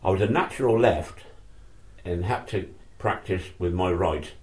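A man's voice: low voice, moderate pace, darkish tone. An older man telling old stories in a rambling, self-correcting way during an interview. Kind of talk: reminiscing oral history.

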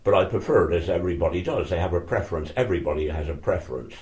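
Deep-voiced older man reminiscing. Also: animated, quick pace, darkish tone. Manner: rambling, self-correcting storyteller. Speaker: interviewee. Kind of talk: reminiscing oral history.

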